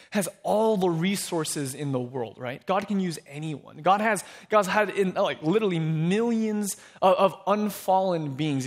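A man preaching a sermon in an animated way, often restarting with repeated words. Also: fairly high pitch. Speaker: pastor.

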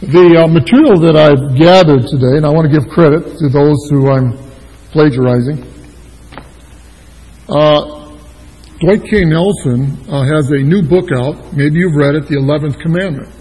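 A man's voice: on the high side, moderate pace, warm tone, husky, in a large hall, rough recording. A man pastoring a church, giving an informal sermon with many fillers. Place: church sanctuary.

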